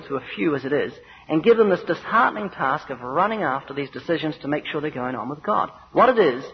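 A man with a high-pitched voice preaches with earnest emphasis, shifting into voices for his stories. The recording is dull and lo-fi, with a faint hiss underneath. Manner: earnest, emphatic, acts out anecdotes. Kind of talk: evangelistic sermon.

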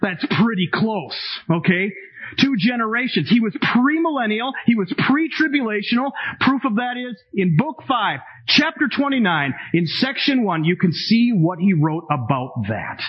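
A man in his fifties preaching a sermon to a congregation, emphatic and animated, with dramatic asides. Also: high voice, normal speed, slightly rough, lo-fi sound. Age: 50s. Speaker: pastor.

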